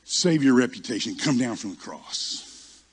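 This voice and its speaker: A man's voice: medium pitch, expressive, unhurried, a little hiss or hum, lightly acted. A preacher voicing the devil as a persuasive male tempter. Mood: coaxing. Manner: coaxing, persuasive.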